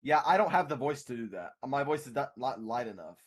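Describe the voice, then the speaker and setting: A young man in casual group voice chat, self-deprecating and quick to laugh. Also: medium pitch, sing-song, breathy edge.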